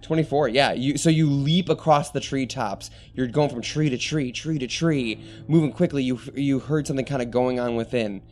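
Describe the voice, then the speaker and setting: A man narrates a tabletop game in a relaxed, descriptive way, dropping in fillers as he goes. His voice sits mid-range, and soft background music plays faintly behind him. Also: medium pitch, moderate pace, hardly any pauses. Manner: casual, descriptive, uses fillers. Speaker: game master.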